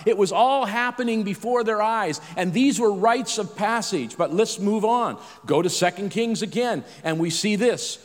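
A man's voice: high-pitched, big-room sound. A middle-aged man preaching a sermon in a conversational way, with self-deprecating asides and frequent restarts.

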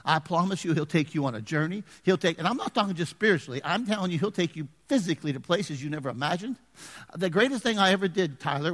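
A man preaching a sermon as pastor, animated and joking with the congregation in church. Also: a little high, in a large hall.

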